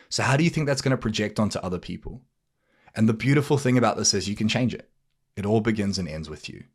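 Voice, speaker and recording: Guy doing a motivational podcast rant, blunt, casual, curses a lot, plays out little convos. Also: mid-range voice. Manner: blunt, casual, swears freely, acts out dialogue. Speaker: podcast host and business coach. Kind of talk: motivational monologue.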